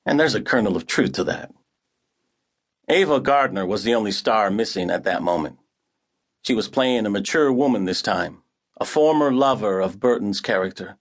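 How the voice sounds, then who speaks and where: A man narrating an audiobook in the first person, with a wry, hard-boiled delivery. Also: on the low side.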